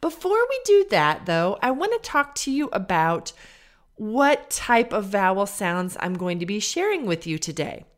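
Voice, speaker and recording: This woman, a podcast host and English teacher from Illinois in the United States, speaks with a General American Midwest accent. She teaches a slow, clear pronunciation lesson in a very animated, mid-range voice, deliberately stretching out each model sound the way a careful teacher would.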